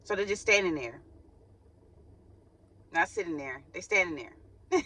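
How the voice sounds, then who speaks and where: A woman's voice: on the low side, animated, measured pace, pauses often, pushed and bright, dry recording. A woman hosting a faith channel, giving a casual spiritual reading in a chatty way and acting out sighing quotes, recorded without her microphone. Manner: chatty, laughs often, acts out quoted sighs.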